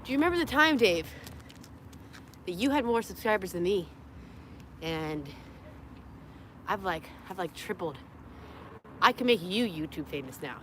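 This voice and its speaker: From a parked car in a parking lot, a tired young woman rambles through a livestream, joking crudely, laughing a lot and cooing at her dogs. She speaks a little slowly in a lowish, slightly bright voice with big pitch swings and frequent pauses, over a faint hiss or hum.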